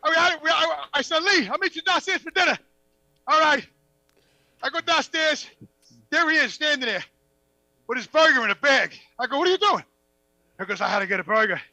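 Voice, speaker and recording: Podcast guest, male, high and tense-voiced, recorded dry, swearing and acting out every line of the story. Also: a little fast, long pauses, no room sound, low-quality recording. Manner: profane, animated, acts out dialogue. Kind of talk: casual storytelling.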